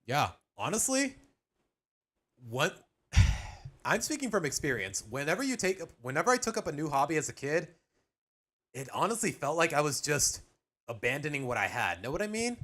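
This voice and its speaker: A man's voice: fairly high pitch, very animated, normal speed, pauses often, a bit bright. A young adult man chatting casually on a live stream as he reacts to a video, rambling with restarts and slang.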